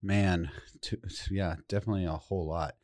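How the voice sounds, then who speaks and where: Man co-hosting a podcast, low voice, relaxed dry humor, close dry sound. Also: brisk, no echo. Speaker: podcast host. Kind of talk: casual chat.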